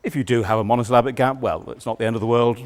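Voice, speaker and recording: A man giving a lecture on writing verse, measured and explanatory with a dry humor. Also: medium pitch, fairly even intonation.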